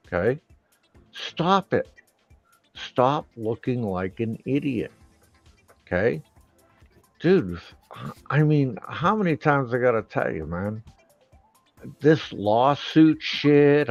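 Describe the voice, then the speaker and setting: A man hosting a live stream, delivering an angry, profane rant full of loud outbursts. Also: medium pitch, gravelly, no room sound, highs cut off. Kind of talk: profane ranting monologue.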